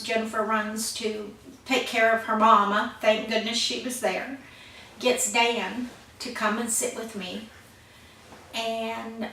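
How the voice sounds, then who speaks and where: A woman's voice: on the high side, fairly bright tone. An older woman telling her personal life story in a plain-spoken, heartfelt way. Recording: echoey room, voice from far off, faint noise.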